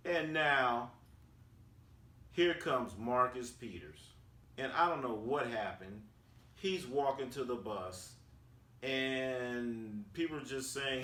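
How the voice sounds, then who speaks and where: A man from Oakland in a casual storytelling recap, animated and acting out quotes with slang. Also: mid-range voice, measured pace. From Oakland, California, USA. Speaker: sports vlogger. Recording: roomy sound, distant from the mic.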